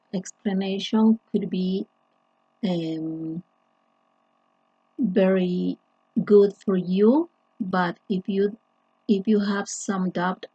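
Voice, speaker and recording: Female English teacher, slow deliberate delivery, husky tone, dull dry lo-fi recording. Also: mid-range voice, dark tone, no echo. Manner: slow, deliberate, with frequent restarts and fillers. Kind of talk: grammar lesson explanation.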